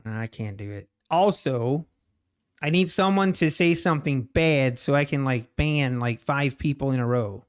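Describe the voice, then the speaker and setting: A man's voice: medium pitch, measured pace, clean tone. A man streaming his trading live, talking to the chart and chatting with viewers between laughs.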